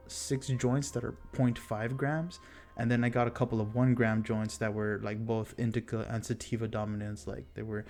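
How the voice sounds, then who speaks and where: A man's voice: medium pitch, a little mellow. A young man from Texas telling a casual storytime vlog, rambling and profane with a self-mocking streak. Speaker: vlogger.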